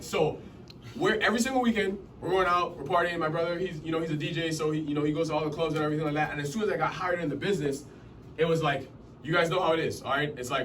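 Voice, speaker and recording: A man's voice: fairly high pitch, fairly bright tone, a little hiss or hum. Young man giving a casual pep talk. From Massachusetts. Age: 20s. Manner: casual, keeps checking in with the audience. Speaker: motivational speaker at a business meeting. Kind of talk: motivational talk to a room. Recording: distant mic in a room with faint ambience.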